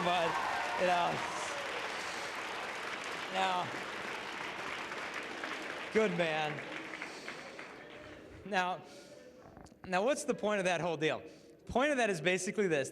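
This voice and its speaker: A man in his twenties giving a joking, animated chastity talk to high school students and acting out quotes. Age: 20s. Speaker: chastity speaker. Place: large hall with a live audience. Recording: reverberant hall with faint ambience.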